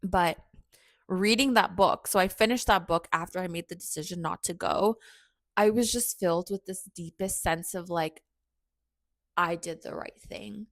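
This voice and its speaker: A woman's voice: on the low side, normal speed, no room sound, clean studio sound. Chatty young woman telling a story. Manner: chatty, candid, frequent "like" and self-mocking asides. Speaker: podcast host. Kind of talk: casual personal storytelling.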